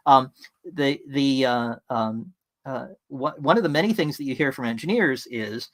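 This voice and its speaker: A man's voice: mid-range voice, moderate pace, fairly bright tone. A man presenting an online talk in a casual, anecdotal way, stopping to answer comments from the chat.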